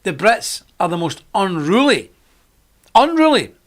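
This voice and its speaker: A middle-aged man hosts a live stream and talks on in a loose, rambling way. His voice sits a little high for a man, and he laughs often between his points. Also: lively intonation, brisk, a bit bright. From Britain. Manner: rambling, chatty, frequent laughs. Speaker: host.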